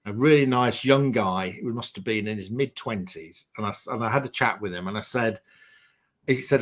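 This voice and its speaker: A man's voice: fairly low pitch, brisk. A man chatting casually on a geek talk stream, telling stories with plenty of fillers like um and you know. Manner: chatty storyteller, lots of fillers. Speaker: panelist on a geeky chat stream. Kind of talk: casual chat.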